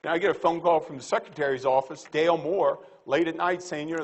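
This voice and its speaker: A man's voice: on the high side, quick pace, hardly any pauses. Blunt folksy man on a panel. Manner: blunt, folksy and animated, with quips. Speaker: panelist on livestock trade. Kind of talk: conference panel remarks.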